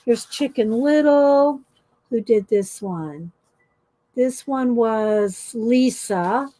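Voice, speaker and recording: A woman's voice: on the high side, drawn-out words. A woman hosting a casual art journaling chat from home, reading stories aloud with expression and laughing often. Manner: chatty, warm-hearted, laughs often, reads stories with expression. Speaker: art journaling video host.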